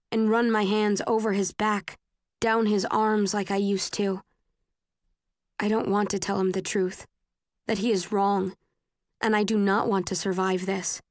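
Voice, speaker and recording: A woman narrates a first-person novel in a measured, even reading voice. Her pitch sits in the middle for a woman. The recording is dry and close, with no room sound. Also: no echo. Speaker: audiobook narrator.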